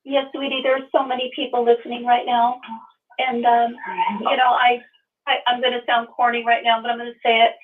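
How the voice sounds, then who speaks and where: Woman nurse caller, comforting, flat intonation, tinny phone line. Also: a little high, a little fast. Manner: comforting, repeats herself. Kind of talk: call-in talk.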